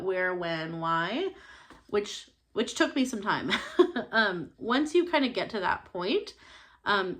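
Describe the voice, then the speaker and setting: A young woman talks through her recent reads in a relaxed, chatty way. She hesitates with plenty of ums and laughs lightly between thoughts. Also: fairly low pitch. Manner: chatty, many fillers and laughs. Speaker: book channel host. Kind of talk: casual book review chat.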